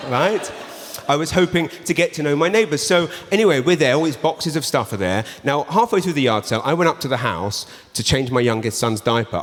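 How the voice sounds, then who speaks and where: An English man in his thirties performing a stand-up set, animatedly telling a story and acting out the people in it. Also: mid-range voice. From England. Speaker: stand-up comedian. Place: large theatre before a laughing audience. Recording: roomy theatre echo with long reverb.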